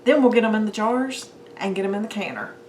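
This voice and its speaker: Chatting away with her "guys" and "folks," a home cooking channel host talks quickly while she works in her kitchen. Her voice is medium-pitched with a darkish tone, and the echoey room carries clinking dishes and utensils along with slight background noise.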